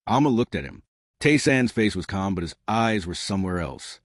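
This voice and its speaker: A man narrating a scripted story in a measured, plain way. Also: on the low side, lively intonation, no echo, clean studio sound.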